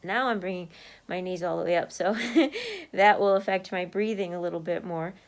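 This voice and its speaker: A woman's voice: on the low side, expressive, normal speed. A woman talking candidly to camera in a casual video diary from her home office desk, laughing now and then and marching in place as she talks. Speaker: vlogger sharing a weight-loss journey.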